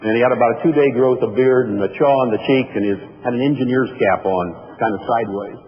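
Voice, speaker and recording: A man's voice: medium pitch, quick pace. A man giving a motivational speech, telling folksy personal anecdotes to an audience. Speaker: motivational speaker. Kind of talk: storytelling keynote speech. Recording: echoey hall, dull lo-fi sound, faint noise.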